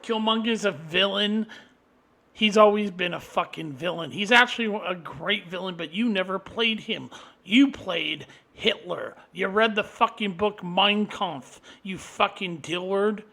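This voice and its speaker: A man delivering an angry, profane solo rant, combative and swinging into loud outbursts. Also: high-pitched, unhurried, vocal fry. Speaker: vlogger.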